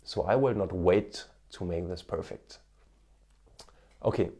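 Speaking at a measured pace, a man uses a low, dark, slightly rough voice. In his thirties, with a German accent slightly tinged by Indian, he offers earnest, encouraging advice to camera, heavy on fillers. He's a marketing coach and former TV cameraman using a smartphone with an external microphone.

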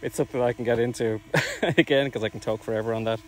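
Out in the fields, the man running the orchard project narrates his drone-flight live stream on foot, talking fast in a mid-range voice. He's a little out of breath and rambles with many fillers, while faint hiss or hum sits under the audio.

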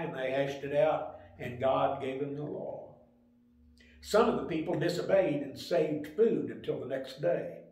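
A man's voice: medium pitch, a little mellow. Older man teaching in an echoey room. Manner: plain, unhurried storytelling with small restarts. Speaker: Sunday school teacher. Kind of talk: Sunday school lesson talk. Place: church room.

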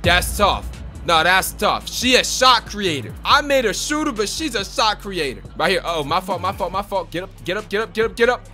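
A man's voice: sits high, soft background music. Hyped young man calling his game. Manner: hyped, excitable trash talk with quick repeated exclamations. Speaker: gaming YouTuber. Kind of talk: gameplay commentary.

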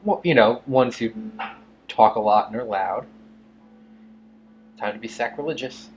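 A man's voice: medium pitch, unhurried, a little hiss or hum. Joking man with a dull, lo-fi sound. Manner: joking, teasing, reads game text aloud. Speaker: co-player in a let's play. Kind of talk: casual gameplay chat. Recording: dull lo-fi audio.

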